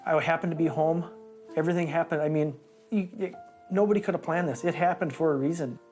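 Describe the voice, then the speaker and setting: A neighbor speaking haltingly and emotionally in a news interview. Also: medium pitch, fairly even intonation, darkish tone, soft background music.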